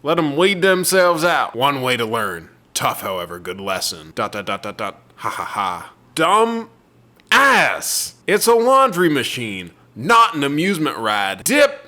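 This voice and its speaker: A man putting on a southern accent to voice scornful redneck commenters, loud, drawn-out and mocking. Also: mid-range voice, huge pitch swings, full character voice. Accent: Southern US, put on.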